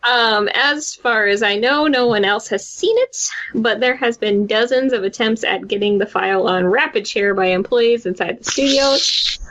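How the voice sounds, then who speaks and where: A woman on a podcast reading a story aloud in casual group chat, amused and a little halting. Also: fairly high pitch, fairly bright tone, highs cut off. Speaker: podcast co-host.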